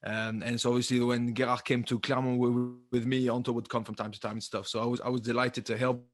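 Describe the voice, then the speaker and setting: A man co-hosting a rugby podcast and telling lively anecdotes in a casual chat. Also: medium pitch, fast, no echo. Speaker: podcast co-host, former rugby player.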